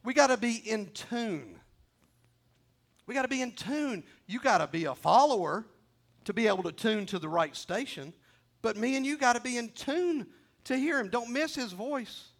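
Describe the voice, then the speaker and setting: A man preaching a sermon, with a high voice that has a gravelly edge. He exhorts his listeners and drives each point home by repeating it. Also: animated, normal speed, fairly bright tone. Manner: repetitive, exhorting, emphatic. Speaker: pastor.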